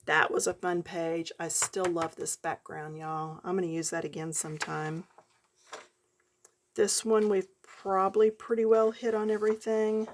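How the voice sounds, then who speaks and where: A woman's voice: lowish voice, little pitch movement, a little slow, slight background noise. A woman giving a chatty coloring lesson, talking directly to her viewers. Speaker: coloring tutorial host.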